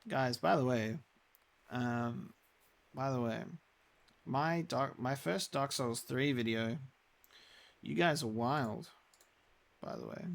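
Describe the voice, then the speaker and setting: Gravelly man streaming casually. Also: mid-range voice, slow, long pauses. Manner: rambling, chatty, lots of "like" and restarts. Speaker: game streamer. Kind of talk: casual live-stream chat.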